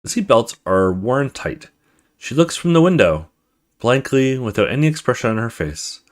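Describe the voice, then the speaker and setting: A young man hosting a let's play, reading a visual novel's text aloud with stumbles and quick asides. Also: medium pitch, sing-song.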